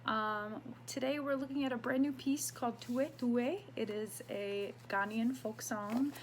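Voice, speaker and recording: A woman's voice: a little high, a little slow, background noise. A woman teaching a choir part in a casual online music lesson, talking through pronunciation with lots of ums and singing short example phrases. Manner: chatty, many ums, sings example phrases.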